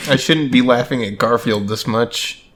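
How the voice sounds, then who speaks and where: A man co-hosting a let's play in casual banter, reading comics aloud with wry, deadpan asides. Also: medium pitch, normal speed.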